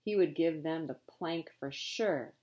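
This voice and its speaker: A woman reading a children's novel aloud with expression, stopping now and then to explain a word. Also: deep voice. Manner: expressive read-aloud, pausing to explain words. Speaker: reader.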